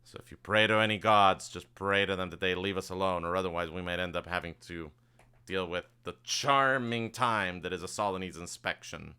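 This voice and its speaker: A man voicing a gruff, cursing sea captain with a deep, bright voice. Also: fairly even intonation, brisk. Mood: worried. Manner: grumbling, profane, worried.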